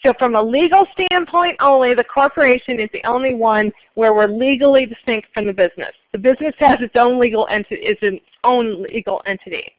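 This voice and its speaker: High-voiced woman lecturing a class. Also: no echo, phone-quality sound. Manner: brisk, polls students and repeats answers. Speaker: accounting instructor.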